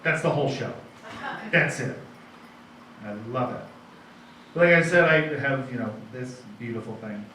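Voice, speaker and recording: Self-deprecating comedian in an echoey bar. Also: male voice, medium pitch, animated, a little slow, pauses often, pushed and bright, recorded from a distance. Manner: self-deprecating, rambling with restarts. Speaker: stand-up comedian. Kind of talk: stand-up comedy set. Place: comedy night in a donut bar. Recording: very echoey room, mic heard from afar, faint noise.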